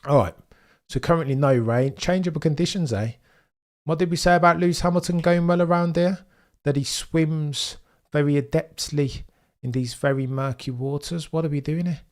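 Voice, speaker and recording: The host of a casual live watchalong, this man from England's Birmingham area has a mild Brummie accent. His darkish voice sits on the high side, with a steady tone and normal speed, as he chats with viewers, reads their comments, and adds wry asides.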